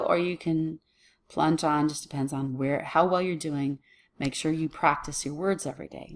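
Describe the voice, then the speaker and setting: A woman teaching a Latin lesson to children on video, working patiently through a worksheet and talking herself through each step. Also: sits low.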